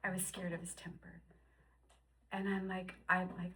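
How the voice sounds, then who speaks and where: A woman in her fifties telling her personal faith story, moving between hushed, whispered passages and excited, high-pitched bursts. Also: normal speed, poor audio. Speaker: guest sharing testimony. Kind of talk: emotional personal testimony.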